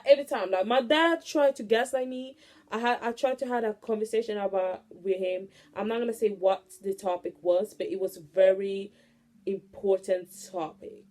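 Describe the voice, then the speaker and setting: A young woman in her late teens venting bluntly to her vlog audience, profane and animated as she rants. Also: mid-range voice, normal speed. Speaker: vlogger. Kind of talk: casual venting monologue.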